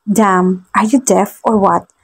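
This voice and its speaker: A woman with a Filipino accent voicing a brusque, bossy young rich husband who speaks curtly and slowly. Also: medium pitch, steady tone, slightly rough. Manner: bossy, curt, slow.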